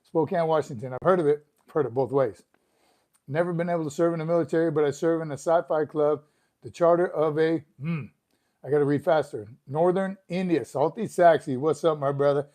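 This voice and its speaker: An older man hosts a relaxed live stream, upbeat and chatty as he welcomes viewers by name. His voice sits a touch higher than most men's. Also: a little fast. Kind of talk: casual livestream chat reading comments. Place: room at home.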